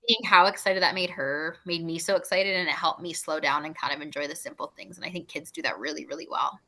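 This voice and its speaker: A woman's voice: on the low side, fast, few pauses, sharp tone. A woman in her thirties talking casually as a podcast guest, chatty and full of "like", laughing easily.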